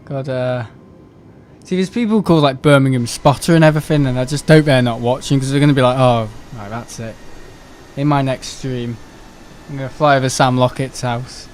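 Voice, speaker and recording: A man's voice: medium pitch, fairly even intonation, brisk, slight background noise. A young man, chatting casually and rambling on a live stream, swearing and laughing often.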